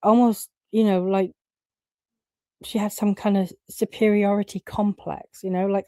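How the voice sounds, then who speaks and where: A woman's voice: medium pitch, flat delivery, unhurried, mellow, no room sound. A woman giving casual opinion commentary, blunt and opinionated, swearing and using lots of fillers.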